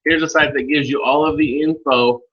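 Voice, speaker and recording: A man leading a live online training session, speaking informally and calling on attendees by name as he walks through software steps. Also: on the high side, fairly even intonation, a little fast, slightly rough, highs cut off. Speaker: webinar trainer.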